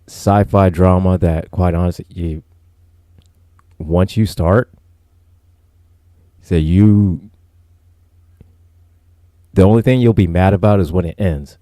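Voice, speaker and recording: A man with a very deep, mellow voice co-hosts a podcast in laid-back, rambling chat. The sound is dry and close, with no room echo. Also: slow, long pauses. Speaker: podcast co-host. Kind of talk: casual podcast review chat.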